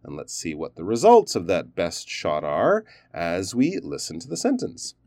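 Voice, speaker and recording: A man's voice: low-pitched, wildly swooping pitch, moderate pace, a little mellow, no echo, studio quality. A man teaching pronunciation, reviewing learners' recorded sentences and explaining stress and endings in an encouraging, explanatory way.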